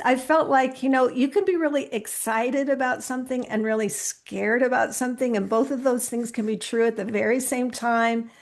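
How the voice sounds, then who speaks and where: A woman's voice: a little high, creaky. A woman podcast host, now the guest, talking earnestly and with animation in a casual interview, often restarting her sentences.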